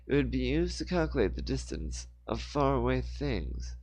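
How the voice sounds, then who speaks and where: A man voicing a pedantic male mayor who lectures slowly and at length, in a raised voice. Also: medium pitch, sing-song, darkish tone, poor audio. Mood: lecturing.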